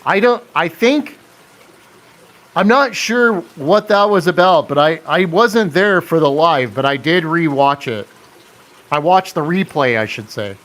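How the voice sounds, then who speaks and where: A man's voice: on the high side, animated, a little slow, a bit bright. A man hosting a casual live stream, chatting and answering viewer comments with frequent laughs.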